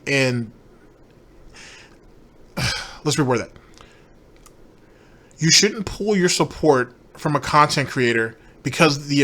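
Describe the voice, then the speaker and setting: Sarcastic ranting man, slightly high voice. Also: a bit bright. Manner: profane, rambling, sarcastic. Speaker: commentary channel host. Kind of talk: ranting commentary.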